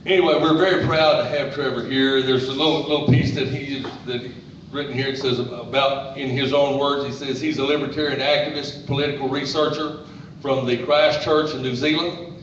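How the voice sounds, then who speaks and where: A man's voice: mid-range voice, steady tone, brisk, distant mic. A folksy man introducing the evening's speaker at a live event. He is picked up from well back in a very echoey hall, and the recording sounds muffled with a faint background hiss. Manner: folksy, joking, reads a bio aloud. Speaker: event host.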